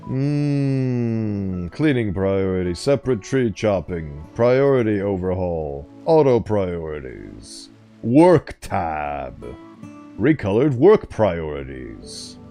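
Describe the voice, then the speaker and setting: A man with a mellow, soft-edged voice that swings up and down a lot, chatting casually over his gameplay. He drifts off on tangents and mutters item names aloud as he goes. Faint game music plays underneath him. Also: low voice, big pitch swings, slow pace. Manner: rambling, easily sidetracked, reads on-screen text aloud. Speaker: gaming streamer.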